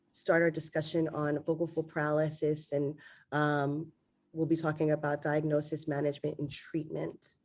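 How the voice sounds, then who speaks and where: A woman laryngologist giving an online medical lecture, with a congested, nasal voice and frequent "um"s. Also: sits low. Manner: steady explanatory delivery with frequent fillers.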